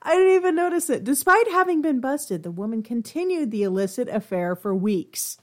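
A woman's voice: a little high, very animated, moderate pace, darkish tone. A woman co-hosting a podcast in a casual chat, talking chattily with lots of filler. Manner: chatty, lots of likes and ums. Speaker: podcast co-host.

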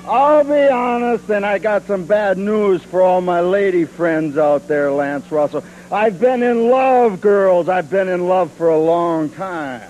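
A male wrestling manager cutting a taunting TV promo, slow and drawn-out. His boasts are delivered in a high voice, with faint noise behind him. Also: a little mellow, lo-fi sound.

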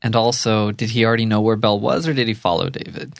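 A man co-hosting a casual podcast chat, talkative and quick to laugh. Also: on the low side, little pitch movement, creaky, dry recording, clean studio sound. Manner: chatty, laughs often. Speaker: podcast co-host. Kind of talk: casual discussion.

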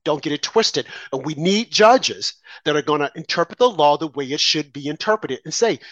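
A man's voice: fairly high pitch, lively intonation, normal speed, hardly any pauses, no echo. A man giving heated, sarcastic political commentary as a guest, speaking indignantly to the host. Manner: indignant, sarcastic, rising to shouts.

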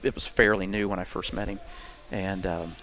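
A man's voice: low-pitched, steady tone, normal speed, sharp tone. A man in his forties telling a long story in casual chat, rambling and profane, laughing at his own tale. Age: 40s.

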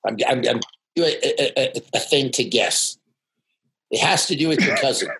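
A man's voice: mid-range voice, moderate pace, creaky, sharp tone. A man hosting a podcast, teasing his co-host and often tripping over his words. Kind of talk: casual chat.

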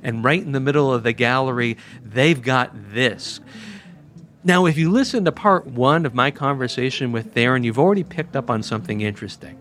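A man's voice: medium pitch, moderate pace, fairly bright tone. Wry, emphatic male storyteller. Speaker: storytelling podcast host. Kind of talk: first-person storytelling.

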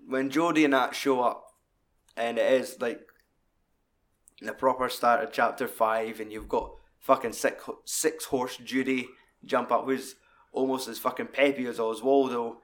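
A man's voice: medium pitch, unhurried, pauses often. Sweary man recapping a film. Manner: animated, sweary, acts out quotes. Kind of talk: casual film discussion.

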